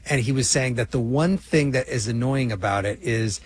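A man hosting a national radio call-in show, relaxed and conversational with a teasing edge. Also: medium pitch, moderate pace, husky.

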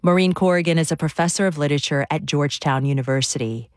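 A radio host reading a clear, scripted show outro. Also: medium pitch, quick pace, no room sound, studio quality.

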